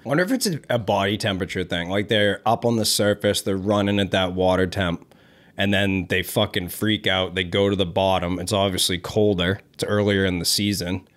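A man with a fairly low voice from the northeastern United States co-hosts a casual podcast. He thinks aloud and works through ideas as he talks. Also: a little fast, fairly bright tone. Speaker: podcast co-host.

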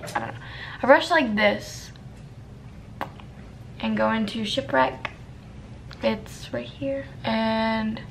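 A woman's voice: on the high side, gravelly, a little hiss or hum. A young woman talking her way through a makeup tutorial in a casual, self-deprecating and flustered way, muttering to herself. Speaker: beauty vlogger.

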